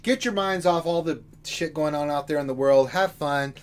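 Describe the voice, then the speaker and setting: A rowdy man hosts a game livestream, joking and talking straight to the people in chat. His voice sits a little high for a man. The talk is loose and casual. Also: moderate pace, clean tone. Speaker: livestream co-host.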